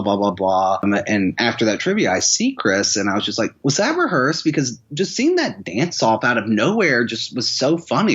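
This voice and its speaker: Chatting casually on a podcast as a guest, this man rambles through a long story, restarting and repeating himself often. His mid-range voice is fairly bright and slightly rough, captured in dull lo-fi audio.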